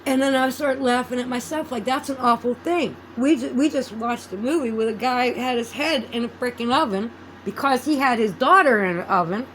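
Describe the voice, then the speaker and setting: A woman with a fairly high voice talks straight to her viewers in a loose, meandering vlog. She drifts from one thought to the next, loses her place, and swears without a second thought. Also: fairly bright tone, slight background noise, rough recording. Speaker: vlogger. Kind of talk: casual rambling chat.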